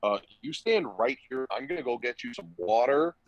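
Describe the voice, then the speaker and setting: With lively intonation at a medium pitch and moderate pace, a young podcast guest tells a swearing-filled story, voicing the other people's dialogue himself. The sound is dry, dull and lo-fi, with no room sound.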